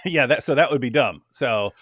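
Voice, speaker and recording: A man chatting on a casual livestream, rambling and laughing often. His voice sits at a middle pitch. The sound is dry, as if from a video call. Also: animated, moderate pace, fairly bright tone, dry recording. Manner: rambling, laughing, mock accents. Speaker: co-host.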